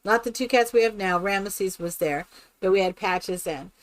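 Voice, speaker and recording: A woman streaming a game who chats casually and tells stories in an animated way. She laughs often and keeps asking "right?". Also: medium pitch, moderate pace. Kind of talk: casual chat while playing a game.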